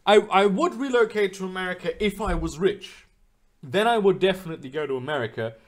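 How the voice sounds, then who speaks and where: A man's voice: high voice, a little fast. A young man chatting casually on a live stream from his room, rambling and swearing freely with lots of fillers and restarts. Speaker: streamer reading chat. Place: home room.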